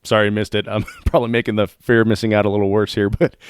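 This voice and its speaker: Host: man, very low, smooth voice, congested, halting and friendly, dry close sound. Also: level tone, no room sound. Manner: friendly, halting, many fillers and laughs. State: congested, losing his voice. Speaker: podcast host. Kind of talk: casual interview talk.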